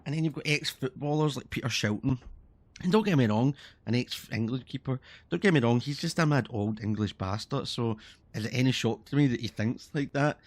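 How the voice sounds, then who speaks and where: A man's voice: medium pitch, brisk. A man from Scotland with a Scottish accent, ranting in a casual, heated and sweary way as he streams a game. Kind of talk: casual ranting commentary while playing.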